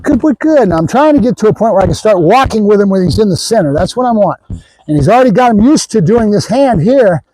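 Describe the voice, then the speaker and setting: A man with a high-pitched voice talks through a dog training session in a casual, easygoing way. He keeps checking in with his viewers as he explains. The sound is dry and close, with almost no room echo. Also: expressive, fast talker, dark tone. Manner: casual, talks to the viewers with frequent "right?" asides.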